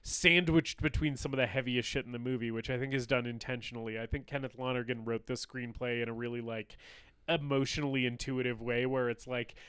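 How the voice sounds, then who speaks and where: A young man co-hosting a film podcast in casual chat, animated and laughing often as he acts out scenes. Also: medium pitch, a little fast, smooth, no room sound. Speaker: podcast co-host.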